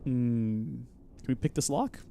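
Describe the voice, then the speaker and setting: A man hosting a live game stream, chatting, joking and reacting out loud as he plays. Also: medium pitch, slow, creaky, a little hiss or hum. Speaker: host.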